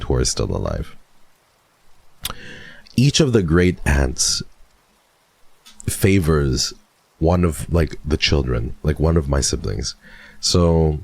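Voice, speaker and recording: Very deep, gravelly-voiced male streamer. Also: no room sound. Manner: relaxed and chatty, often breaking into soft laughs. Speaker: VTuber streamer. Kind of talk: casual chat with live stream viewers.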